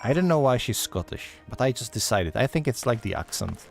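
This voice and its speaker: A man's voice: mid-range voice, big pitch swings, brisk, vocal fry, faint music behind. A man livestreaming a game, chatting casually with joking asides to his viewers. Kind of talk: casual gaming livestream chat.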